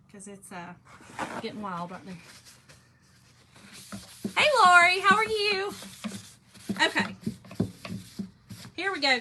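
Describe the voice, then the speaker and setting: A woman's voice: medium pitch, heavy background noise. A woman with a Southern US accent chatting and telling stories to her livestream viewers while she works on a craft project, laughing often. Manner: talkative, laughs often, speaks to chat as "y'all".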